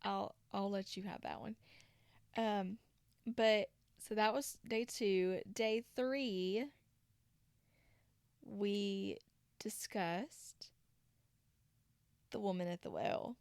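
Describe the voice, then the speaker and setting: A woman's voice: medium pitch, extremely slow, vocal fry, long pauses, a little mellow, clear, resonant tone, no room sound, studio quality. A woman from Tennessee hosting a podcast, retelling a story casually with chatty asides. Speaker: podcast host.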